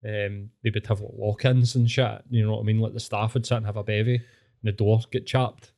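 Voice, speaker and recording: Sweary Scottish man, mellow voice. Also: fairly low pitch, level tone, a little fast, vocal fry. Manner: sweary, laughing, blunt. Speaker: podcast co-host. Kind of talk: casual podcast chat.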